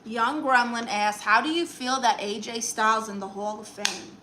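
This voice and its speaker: A woman's voice: a little high, fairly even intonation, moderate pace, noisy background. A woman streaming live in a comic aunt persona, reading chat messages aloud and firing back sassy, dry comebacks.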